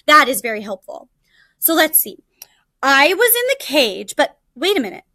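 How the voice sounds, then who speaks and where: A woman's voice: high-pitched, big pitch swings, sharp tone, no echo, clean studio sound, full character voice. A woman voicing a sly male jackal who frets and pretends to be confused in a storybook read-aloud. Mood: dithering. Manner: dithering, fretful, drawn-out.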